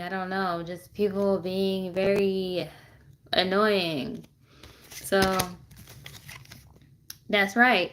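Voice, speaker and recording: A woman giving a casual tarot reading to viewers, chatty and excitable, with lots of fillers and asides, recorded on a phone on a tripod. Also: medium pitch. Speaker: tarot reader.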